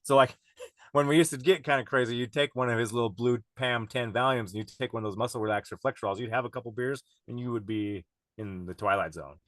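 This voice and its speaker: A man's voice: medium pitch, quick pace, fairly bright tone, no echo. A man guest on a podcast, telling a wild story in a rambling, profane way with frequent laughs. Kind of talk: casual storytelling chat.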